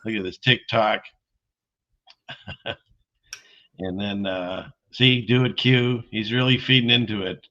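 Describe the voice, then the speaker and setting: A man's voice: on the low side, fairly even intonation, slow, pauses often, bright, forceful tone. A man hosting a casual chat show, loose and conversational, laughing often. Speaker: host. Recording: dull lo-fi audio.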